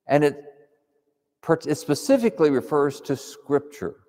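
A man preaching in a calm, reflective, conversational way, teaching on prayer. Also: a little high, normal speed. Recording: long hall reverb.

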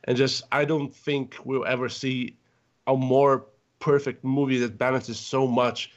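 A man's voice: medium pitch, flat delivery, unhurried. Guy gushing about a film on a podcast panel, rambles with tons of fillers, kinda lo-fi audio. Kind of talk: casual chat.

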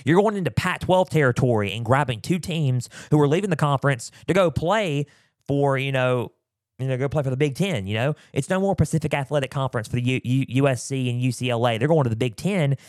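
A man talks college football in a loose, rambling way, circling back and filling gaps with "you know". His voice sits at an ordinary pitch and sounds close and dry, with a throat that keeps catching. He sometimes turns away from the mic. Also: lively intonation, fairly quick, no echo. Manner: rambling, repeats himself with many fillers. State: clearing a scratchy throat. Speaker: podcast host. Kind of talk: casual sports talk. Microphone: close mic, sometimes turning away.

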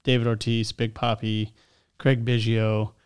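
Easygoing man with a smooth voice. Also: on the low side, flat delivery, measured pace, a little mellow, no echo. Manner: easygoing, laid-back storytelling. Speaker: podcast co-host. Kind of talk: casual chat.

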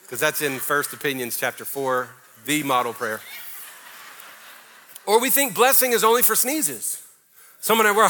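A middle-aged pastor with a high, bright voice preaches at a normal speed, talking to his congregation in an emphatic, conversational style. He frequently slips in playful mock prayers during the sermon.

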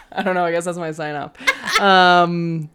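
A woman with a low voice and an American accent talks in a relaxed, laid-back way on a podcast. She sounds easygoing and unhurried. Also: smooth. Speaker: podcast co-host. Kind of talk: casual chat.

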